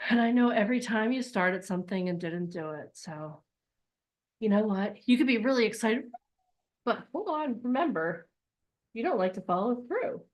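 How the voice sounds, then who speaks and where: Woman doing a know-it-all elephant, lower and softer than her own voice, soothing and knowing. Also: animated, normal speed, lightly acted. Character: calm know-it-all elephant with a long memory.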